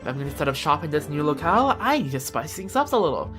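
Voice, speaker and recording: A woman voicing a smooth, scheming male merchant. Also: sits low, sing-song, quick pace, a bit bright, soft background music. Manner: wordy, self-justifying. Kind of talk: reading game dialogue aloud.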